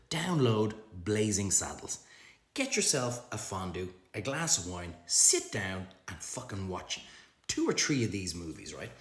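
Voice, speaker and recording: A middle-aged Irish man delivering a profane comic rant to camera, ranting in an animated, swearing way. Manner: profane, animated ranting with big pitch swings. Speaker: social media comedian. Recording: roomy echo.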